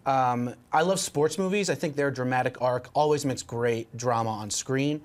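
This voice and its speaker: A man's voice: mid-range voice, normal speed. A man on a casual movie panel, talking in a conversational, emphatic and questioning way. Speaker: panelist, film writer.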